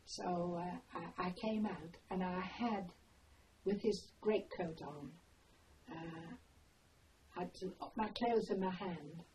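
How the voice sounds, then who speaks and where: Older woman, oral history interview, slow meandering storytelling, distant mic with faint noise. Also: fairly low pitch, darkish tone. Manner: unhurried, meandering storytelling with pauses.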